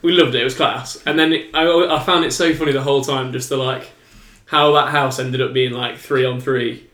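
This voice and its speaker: Fast-talking young English man. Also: mid-range voice, steady tone, a bit bright. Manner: rapid, swearing, storytelling. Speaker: podcast co-host. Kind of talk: casual chat. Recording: echoey room.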